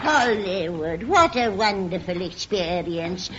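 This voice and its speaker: A woman's voice: lowish voice, lively intonation, slow. A woman playing an aged, faded film actress, drawling grandly and theatrically as she reminisces. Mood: reminiscing. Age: older. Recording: lo-fi old radio with heavy hiss.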